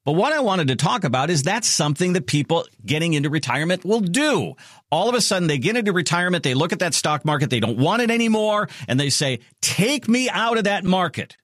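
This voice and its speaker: Male radio host, lively pitch swings, dry close sound, punchy plug delivery. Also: fast, no echo. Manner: animated, punchy, leaning hard on repeated slogans. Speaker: financial radio show host. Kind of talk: radio show talk with promotional plugs.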